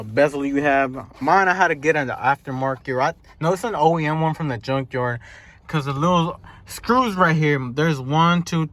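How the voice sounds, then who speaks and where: A young man vlogging from his truck in an animated, slangy rant, swearing often and mimicking the people he complains about. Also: a little high. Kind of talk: casual vlog chat.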